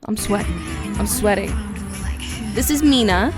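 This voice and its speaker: A young woman, streaming a casual reaction, loud and profane with frequent exclamations. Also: medium pitch, expressive, unhurried, over music.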